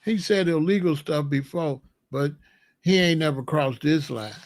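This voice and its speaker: Casting: male commentary host, high voice, heated repetitive rant style. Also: normal speed. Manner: emphatic, repetitive, incredulous rhetorical questions. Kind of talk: solo political commentary rant.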